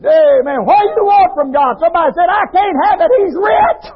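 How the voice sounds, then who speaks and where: A man preaching a sermon, breaking into shouted, crying-out phrases. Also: very high voice, animated, a little fast. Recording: dull lo-fi sermon recording.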